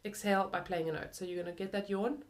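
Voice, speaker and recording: A young adult woman gives a flute lesson in a friendly, chatty voice. She talks loosely, with "like" and "kind of" scattered through her explanations. Her pitch sits in the middle range. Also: fairly even intonation, fast talker, heavy background noise. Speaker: flute teacher. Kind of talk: video lesson.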